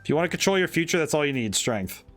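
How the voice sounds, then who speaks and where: Earnest young female fortune teller, read by a man in his own voice, calm and sincere, slightly high-pitched. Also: racing, faint music behind, natural voice.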